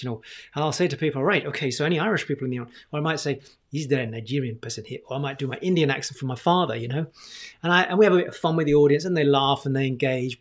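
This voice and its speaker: A man teaching communication strategies in a conversational talking-head video, often asking himself rhetorical questions. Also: on the high side. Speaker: communication coach.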